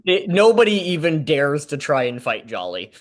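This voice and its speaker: A man's voice: fairly high pitch, big pitch swings, normal speed. A young man co-hosting a show, improvising a comedic story and often searching for words with fillers and laughs. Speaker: co-host.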